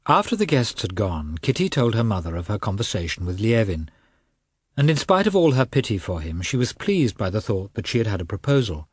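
Expressive male reader for a classic novel, husky, dry close sound. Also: on the low side, dry recording. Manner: expressive, measured reading. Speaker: audiobook narrator. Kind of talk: classic novel audiobook narration.

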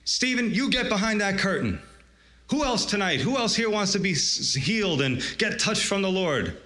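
A man voicing a showy, pushy male faith healer who urges the crowd forward with a loud sales pitch. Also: very animated, normal speed, full character voice. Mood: pushy showman.

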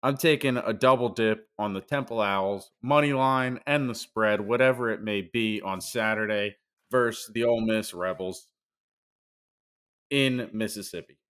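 A man's voice: on the low side, unhurried, a bit bright. A man co-hosting a sports betting podcast, trading brash teasing banter while reading out his picks. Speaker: podcast co-host. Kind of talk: casual sports betting chat.

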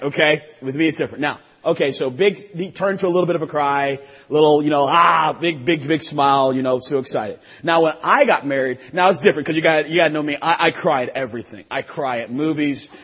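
High, husky-voiced preacher man. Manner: animated, laughing, shouts at peaks. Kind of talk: sermon. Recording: long hall reverb, dull lo-fi sound.

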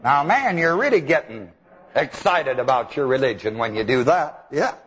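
Husky preacher in an echoey hall. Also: male voice, mid-range voice, moderate pace. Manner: animated storytelling, chuckles, mimics chants. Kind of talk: sermon. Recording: dull old hall recording.

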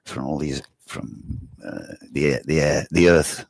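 A man's voice: rumbling low, steady tone, unhurried, creaky, dry recording, studio quality. A man talking in a loose, rambling casual conversation, swearing offhandedly and laughing often.

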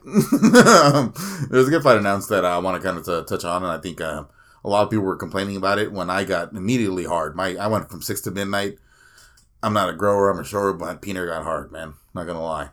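A man's voice: low-pitched, fairly quick, fairly bright tone. A man co-hosting a podcast, joking crudely about fighting in casual chat. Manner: crude, joking, slips into mock voices. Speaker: podcast co-host.

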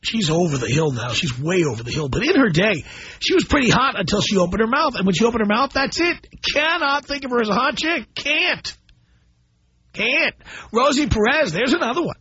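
Husky, animated male radio host. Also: very high voice, a little fast. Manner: blunt, animated storytelling. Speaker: radio talk show host. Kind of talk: call-in radio monologue. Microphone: studio microphone. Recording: dull broadcast audio.

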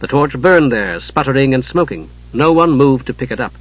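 Guy narrating a fantasy audiobook, husky, mid pitch, dull sound. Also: lively intonation, no echo. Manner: measured and dramatic.

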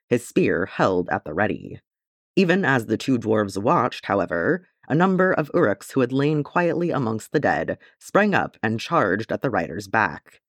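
A man reading a fan-fiction audiobook aloud in an expressive storytelling manner. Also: mid-range voice, no room sound, studio quality. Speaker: audiobook reader.

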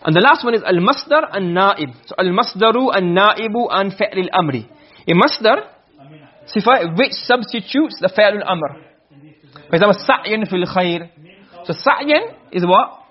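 A man teaching Arabic grammar in a classroom lesson, quizzing his students as he goes and reading Arabic text before explaining it. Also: sits high. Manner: quick, questioning, reads Arabic text then explains. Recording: dull lo-fi recording.

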